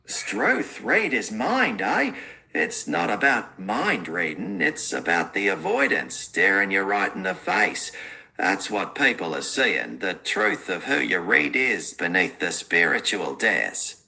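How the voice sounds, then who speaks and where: A synthetic male voice with an Australian accent delivers folksy, needling livestream banter. His tone is very bright and gravelly. He speaks slowly with a lively, swooping pitch. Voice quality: synthetic text-to-speech voice. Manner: folksy, needling, lectures with slang. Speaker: AI chatbot co-host.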